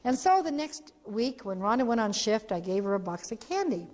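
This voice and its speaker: A woman, an organization's founder, giving an animated storytelling talk for a training video, acting out the voices she quotes. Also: fairly high pitch, moderate pace, in a large hall.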